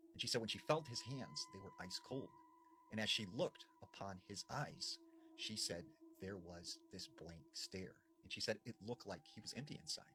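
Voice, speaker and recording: Male storyteller, low voice, lively delivery, faint room hiss behind. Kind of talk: retelling spooky stories.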